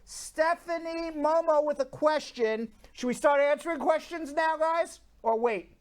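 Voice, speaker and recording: An energetic middle-aged man hosts a live-stream show. His voice sits very high for a man as he greets viewers and reads their comments one after another. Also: a little slow. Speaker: host.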